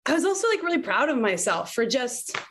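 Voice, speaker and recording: Brisk and high-voiced, this woman in her late thirties is a guest on a podcast, chatting casually. She tells her stories with candor and energy, laughs a lot, and lets the occasional swear word slip.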